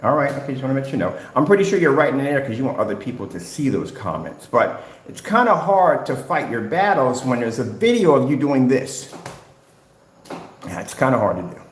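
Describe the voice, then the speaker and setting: A man in the middle of a heated livestream rant, lecturing and calling people out in a confrontational way and circling back to the same phrases. His voice sits at an ordinary pitch for a man. The room around him rings with noticeable echo. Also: big pitch swings, a little fast. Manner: confrontational, lecturing, repeats "at the end of the day". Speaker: business owner ranting at rivals. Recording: roomy echo.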